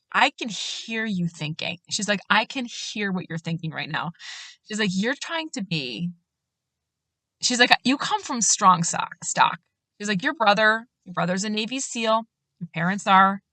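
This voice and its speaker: Bright-voiced woman telling a faith story. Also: medium pitch, no room sound. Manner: earnest, animated when quoting others, laughs at herself. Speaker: podcast host.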